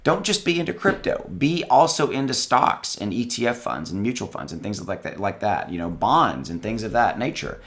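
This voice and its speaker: Speaking on the low side with a sing-song, slightly bright tone, a crypto YouTuber keeps a moderate pace and barely pauses. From his home with dogs he gives casual direct-to-camera investing advice, loosely and conversationally, with restarts, repeated words, and "guys" for his viewers.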